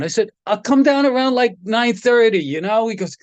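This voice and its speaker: Older man, high voice, dry close sound, rambling anecdotes, chuckles, restarts. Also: expressive, moderate pace, dry recording. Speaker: guest, guitar technician. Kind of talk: casual storytelling chat.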